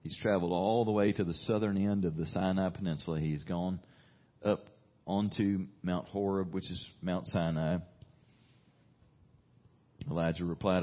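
A man's voice: low-pitched, steady tone, moderate pace, pauses often, dull audio. A male pastor preaching a sermon, reading scripture and talking earnestly and conversationally, with emphatic rises.

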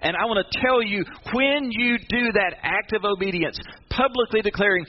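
A man's voice: high voice, moderate pace, few pauses, dull audio, a little hiss or hum. A male pastor preaching a sermon, driving his points home with repeated refrains.

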